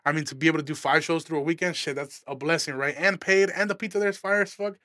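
Fast-talking, fired-up profane comedian. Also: male voice, fairly high pitch, steady tone, bright, forceful tone, dry recording, clean studio sound. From Aurora, Illinois, USA. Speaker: stand-up comedian, podcast host. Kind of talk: casual storytelling rant.

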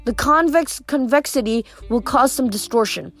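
Lady reading smart bossy teen girl, brisk and pushy, high voice. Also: animated, a bit bright. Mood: urgent. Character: clever, bossy teenage girl, urgent.

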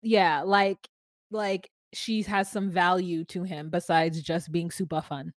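A woman's voice: fairly low pitch, fairly even intonation, slow pace, dry recording, studio quality. A woman co-hosting a podcast, recapping a reality show in casual, joking chat. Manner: chatty, joking, sings silly made-up lyrics. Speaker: podcast co-host.

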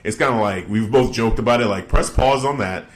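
A man co-hosting a casual podcast chat, talking loosely with lots of fillers and jumping up in pitch when he mocks someone. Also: a little fast. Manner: animated, mocking retellings with pitch jumps. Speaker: podcast co-host.

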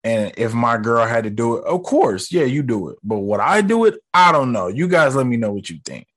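Here a movie vlogger counts down film moments, his mid-range, somewhat bright voice very animated and fairly quick. He's loose and full of slang, cursing often while addressing viewers directly.

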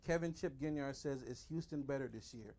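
A man's voice: mid-range voice, fairly quick. A man co-hosting a live sports podcast, casually prompting viewers and his co-hosts. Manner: relaxed, prompts chat and co-hosts. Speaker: podcast co-host.

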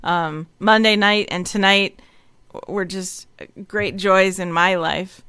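A woman hosting a relaxed wrap-up chat after a group reading, chatty and giggly, with many fillers. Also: mid-range voice, slow pace, clean tone, no echo. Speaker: host and organizer of the reading. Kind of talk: casual stream wrap-up chat.

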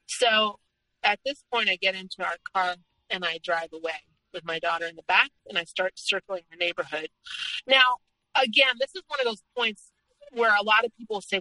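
A woman's voice: medium pitch, normal speed, bright, forceful tone, no echo, poor audio. A young adult woman telling her own story as a podcast guest, earnest and recounting past events in the present tense. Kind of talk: personal story told in conversation.

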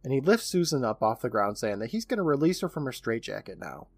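A man's voice: medium pitch, sing-song, fast talker, gravelly, breathy edge, no echo. A man co-hosting a podcast, recapping a horror episode in casual chat and laughing often. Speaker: podcast co-host.

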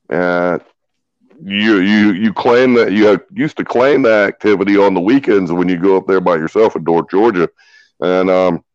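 A man's voice: low-pitched, no echo. Emphatic man, dull dry sound. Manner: emphatic, repeats himself. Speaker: podcast co-host. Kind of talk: casual chat.

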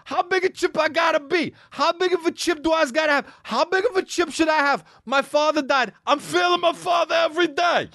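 A man playing a hot-tempered male Italian restaurant owner who shouts defiantly. The voice goes high and lively, and the sound is dry and close. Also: fairly quick, few pauses, no room sound, full character voice.

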